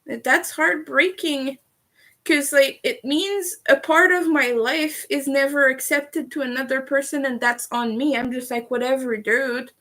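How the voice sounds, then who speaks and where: A young woman talking straight to her stream audience in a casual, unfiltered way. Her voice is bright and fairly high, and she gets heated and swears freely as she talks. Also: fairly even intonation, a little slow. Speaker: livestreamer. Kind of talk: casual livestream chat.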